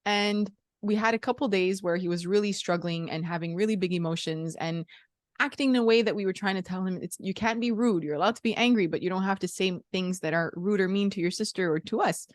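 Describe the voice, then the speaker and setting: A woman hosts a relaxed podcast conversation at a medium pitch, sincere and reflective as she talks. The recording is dry and close, with no room sound. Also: brisk, no echo. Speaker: podcast host. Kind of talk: casual interview chat.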